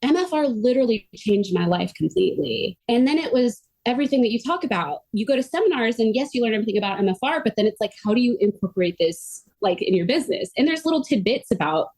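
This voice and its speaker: A middle-aged woman speaking as a podcast guest, earnest and animated. Her voice sits a touch higher than most women's. She talks in long, eager runs, full of casual "like" fillers. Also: quick pace, few pauses. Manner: earnest and animated, frequent "like" fillers, quotes others in her own voice. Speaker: podcast guest, myofascial release therapist. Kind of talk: conversational interview storytelling.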